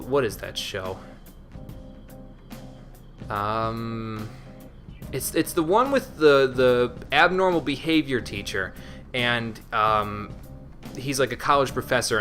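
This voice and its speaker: Chatty bright-voiced male streamer. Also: medium pitch. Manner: chatty, responds to chat, repeats words. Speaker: livestream host. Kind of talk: casual gaming livestream chat.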